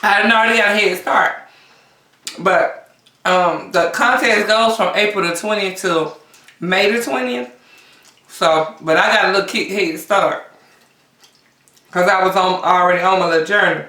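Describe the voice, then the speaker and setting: A woman vlogger chatting casually to camera between bites, often pausing on long hums. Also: medium pitch, pushed and bright. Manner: chatty, talks between bites with drawn-out mms. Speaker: mukbang vlogger. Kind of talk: casual eating chat to camera. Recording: roomy sound from a distance.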